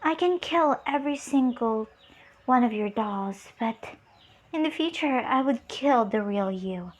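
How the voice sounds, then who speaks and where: A woman's voice: a little high, expressive, unhurried. A young woman voicing a bored, mighty female demon lord with a casual, weary delivery.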